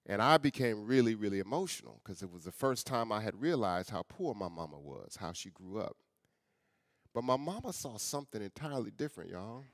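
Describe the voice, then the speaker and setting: A middle-aged man, a guest speaker and author, telling a personal story in an earnest, conversational way and often dropping to a soft, quiet voice. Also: medium pitch, no echo, studio quality. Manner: earnest, conversational, addresses audience as y'all; often drops soft and quiet for emotional moments.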